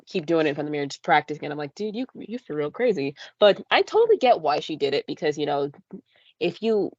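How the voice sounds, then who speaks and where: A woman's voice: sits low, big pitch swings, fast, no room sound, lo-fi sound. A young woman co-hosting a podcast, chatting casually with lots of fillers and playful voice imitations. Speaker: podcast co-host. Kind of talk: casual chat. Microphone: podcast mic.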